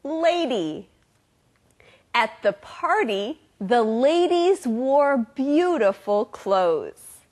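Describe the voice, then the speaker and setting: A woman's voice: a little high, sing-song, drawn-out words, darkish tone. A woman hosting a children's English lesson show, with a bubbly teacher's delivery. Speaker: host.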